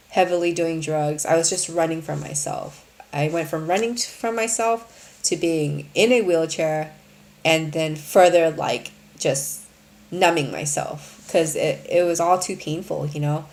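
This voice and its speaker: Low, gravelly woman talking candidly. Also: darkish tone. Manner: earnest, rambling, heavy on fillers like "um" and "you know". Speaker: host of a live Q&A stream. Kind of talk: candid casual talk to viewers.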